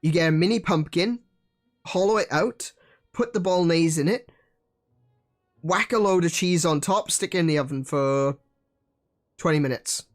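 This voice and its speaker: A man's voice: a little high, normal speed, pauses often, faint music behind. A man chatting casually while streaming a video game, joking and talking to his viewers. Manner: chatty, laughs at himself, many restarts. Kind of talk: casual let's-play commentary.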